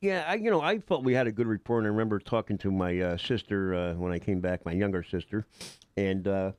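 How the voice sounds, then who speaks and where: A man's voice: fairly low pitch, expressive, fairly quick, a little mellow, no echo. An older man, a guest actor on a radio show, telling rambling stories in casual talk, with many fillers and restarts. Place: radio studio.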